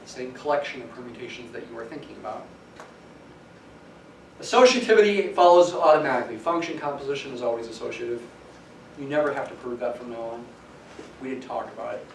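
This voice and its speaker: A man's voice: mid-range voice, fast, gravelly, pauses often. A man, a math professor, giving a classroom lecture, explaining step by step and stressing key words. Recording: echoey classroom from some distance, faint hiss.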